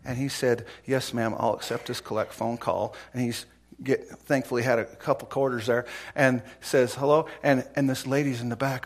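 A man preaching a sermon, telling a story in a folksy, animated way and acting out the voices of its people. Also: mid-range voice, normal speed. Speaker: pastor.

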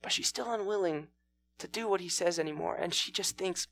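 A man telling a scripture story as a sermon, in a casual style with many pauses. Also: sits high, gravelly, a bit bright, a little hiss or hum. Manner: informal, with fillers and restarts.

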